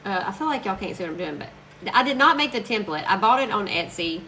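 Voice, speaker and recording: A woman's voice: medium pitch, expressive, sharp tone, slight background noise, poor audio. A woman chatting casually and gushing to viewers while crafting on a live stream. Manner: chatty, gushing, quick to laugh.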